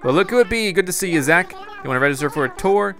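A gruff old sea captain of a video game ferry, as a man puts him on, growling in a pirate accent and dropping "yar" and "me" into his lines. The delivery comes out a touch louder and brighter than the man's plain talk. Guitar music plays clearly behind him. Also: high-pitched, animated, fast talker, voice pushed up. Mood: hearty. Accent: put-on pirate accent. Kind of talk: reading game dialogue aloud in a voice.

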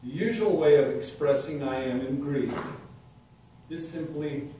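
A man preaching a sermon, expounding scripture slowly and deliberately with emphatic declarations. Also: on the high side, warm tone. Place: church sanctuary. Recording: echoey hall, distant mic, faint ambience.

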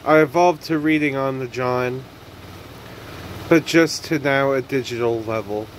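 Man, tired vlogger, rambling monologue, slow delivery, faint hum behind. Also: mid-range voice, low-quality recording. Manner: rambling, self-talking, sighs and trails off. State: tired, yawning. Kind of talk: casual late-night vlog monologue.

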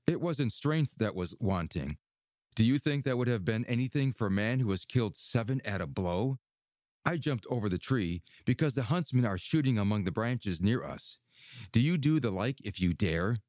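A man's voice: on the low side, lively intonation, normal speed, darkish tone, no echo, clean studio sound, natural voice. A man voicing a boastful, clever little male tailor in a storybook reading, cocky in manner.

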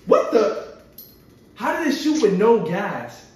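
A young man doing a casual show-and-tell vlog, excitable and slangy with frequent exclamations. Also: high-pitched, slow pace. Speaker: vlogger showing his collection. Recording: very echoey, far from the mic, faint noise.

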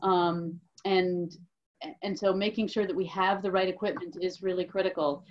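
A woman's voice: fairly low pitch, steady tone, normal speed. A woman lawmaker answering a question at a virtual town hall, opening with thanks and stumbling over many restarts. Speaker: legislative leader. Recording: dull lo-fi call audio.

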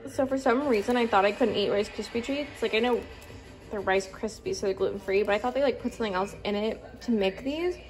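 A woman's voice: on the high side, brisk. A young woman in her twenties chatting casually to camera at home, with lots of fillers. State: out of breath. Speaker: vlogger. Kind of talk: casual vlog chat. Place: at home in an apartment. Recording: home camera audio with clear background noise.

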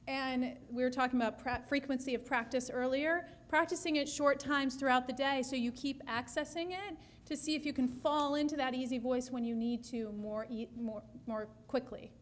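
A woman, a speech-language pathologist, answering audience questions at a breakout session in an explanatory, measured way, often restarting her sentences. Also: high-pitched.

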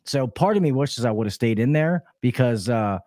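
A man's voice: medium pitch, animated, moderate pace, darkish tone, no room sound, clean studio sound. Profane, rambling man telling work stories. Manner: profane, rambling storyteller with many restarts. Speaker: HVAC technician, podcast guest. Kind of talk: casual podcast chat.

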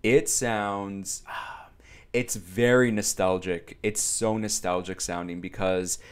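A young man giving casual reaction commentary on a music video, chatty and excitable, talking straight to his viewers. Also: lowish voice, slow, clear, resonant tone. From Italian background. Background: music video playing.

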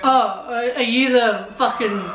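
A young woman hosting a reaction video, talking back at the screen with lots of swearing and excited outbursts. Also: a little high, a little slow, dull audio. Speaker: reaction channel host. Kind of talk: casual reaction commentary. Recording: roomy echo, TV sound under. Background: show audio playing from the TV.

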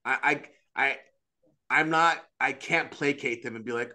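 A man speaking as an Orthodox priest on a podcast, earnest and animated, with frequent restarts and quick asides. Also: mid-range voice. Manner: earnest, animated, acts out quoted voices. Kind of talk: casual religious discussion.

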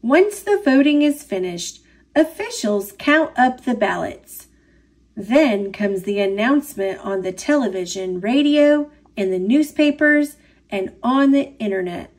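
An American woman reads a children's picture book in an expressive, sing-song storytelling manner. Her voice sits high and moves around a lot, and she takes her time with each phrase. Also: a little slow. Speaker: storybook reader. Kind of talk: picture book read-aloud.

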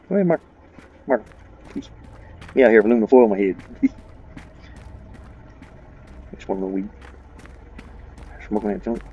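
Jokey man, mellow dull let's play commentary. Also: fairly low pitch, expressive, measured pace, pauses often, slightly rough. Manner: jokey, rambling, laughs at his own nerves. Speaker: gaming channel host.

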